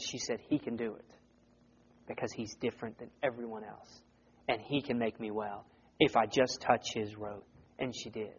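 A man preaching a sermon in an earnest, conversational way that rises to loud emphasis. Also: a little high, highs cut off.

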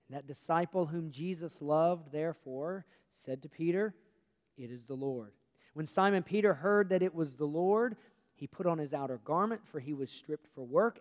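A man preaching a sermon, telling a story with animated acted-out dialogue and self-deprecating humor. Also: on the high side. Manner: animated storytelling, acts out the disciples' lines. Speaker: pastor. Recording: long hall reverb.

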